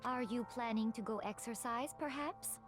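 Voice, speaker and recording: A woman's voice: fairly high pitch, moderate pace, music in the background, close to an everyday voice. A woman voicing a poised, coolly polite young gambler. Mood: composed. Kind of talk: English game voice acting.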